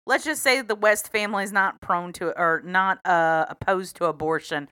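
A woman's voice: lowish voice, normal speed, pushed and bright, no echo. Woman, podcast co-host, giggly, wry, dry close recording. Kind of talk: casual true-crime podcast chat.

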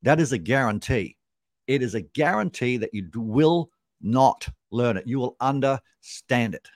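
A man's voice: medium pitch, animated, a little slow, no room sound, clean studio sound. A man, a sales trainer explaining his method as a podcast guest, punchy and repeating key points for emphasis.

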